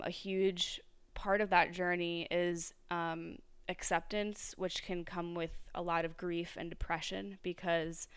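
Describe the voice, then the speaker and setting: A woman's voice: fairly low pitch, vocal fry, smooth, no room sound. A woman hosting a solo podcast, talking reflectively with lots of fillers and restarts. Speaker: podcast host.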